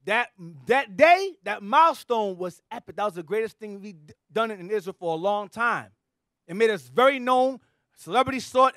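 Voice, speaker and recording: High-voiced joking preacher man. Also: dry recording, clean studio sound. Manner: animated, joking storyteller. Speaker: church leader. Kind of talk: preaching to a men's gathering.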